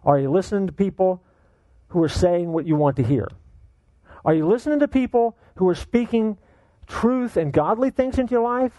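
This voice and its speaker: A man preaching a sermon as pastor, animated and joking, firing off rhetorical questions at his congregation. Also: high voice, normal speed, no room sound, rough recording.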